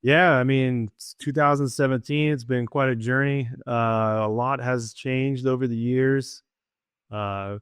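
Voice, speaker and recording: A man's voice: medium pitch, steady tone, unhurried, clean tone, no echo, clean studio sound. A man from Central California in casual chat, hesitant with many fillers, reading questions formally. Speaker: coaching community member.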